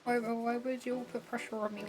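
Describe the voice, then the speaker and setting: A woman's voice: on the high side, little pitch movement, quick pace, over music, poor audio. A young woman streaming a cozy video game, chatting in a bubbly, giggly way and often poking fun at herself. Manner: giggly, bubbly, self-deprecating. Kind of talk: casual live game-streaming chat.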